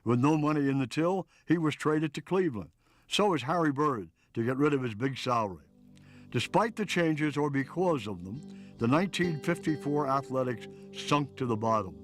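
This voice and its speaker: A man's voice: fairly high pitch, lively intonation, faint music behind. Man narrating a sports history documentary. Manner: measured, storytelling delivery. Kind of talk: scripted narration.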